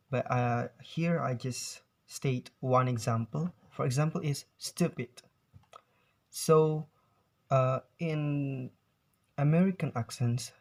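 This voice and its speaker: Slow, hesitant young man presenting. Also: medium pitch, a little mellow. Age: young adult. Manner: hesitant, many fillers and restarts. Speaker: student presenter. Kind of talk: class presentation on pronunciation.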